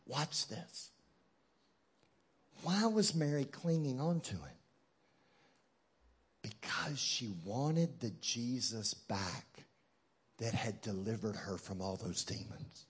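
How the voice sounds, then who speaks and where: A man preaching a sermon as a guest preacher in a church, moving from hushed, low passages to loud shouted climaxes with touches of humor. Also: very animated, unhurried, pauses often, slightly rough. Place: church in front of a congregation.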